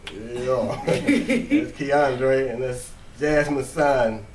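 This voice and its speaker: A man of middling pitch introduces his family with easy chuckles. His voice echoes and sounds set back from the mic. Faint noise hangs underneath. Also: expressive, extremely slow. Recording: echoey, from far off.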